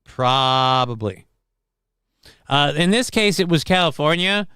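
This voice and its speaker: Deadpan man hosting a casual livestream. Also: on the high side, slow, clear, resonant tone, no room sound. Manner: dry, deadpan, rambling, swears casually. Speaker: livestream host reading chat. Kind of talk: casual live-stream chat.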